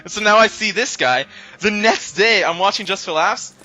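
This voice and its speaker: A man chatting casually as co-commentator on a video game playthrough, rambling through stories and quick to exclaim. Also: sits high, sharp tone, faint music behind, rough recording. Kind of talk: casual gameplay banter.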